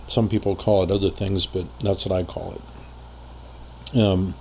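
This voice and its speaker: A man telling a personal story in casual conversation as a podcast guest, rambling with many pauses and fillers. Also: low-pitched, fairly even intonation, creaky, a little mellow, a little hiss or hum.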